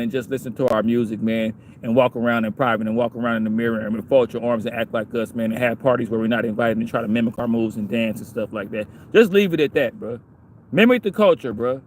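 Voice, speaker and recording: In a medium-pitched voice with a little hiss or hum on the track, a vlogger in his forties rants to camera in a casual monologue. He swears freely and keeps repeating "man" and "bro" to press his points.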